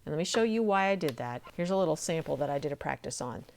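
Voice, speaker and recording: A woman's voice: sits low, expressive, fast talker, vocal fry, darkish tone. A middle-aged woman hosting a sewing tutorial, chatty and encouraging as she demonstrates each step at her machine. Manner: chatty and encouraging, talks while working.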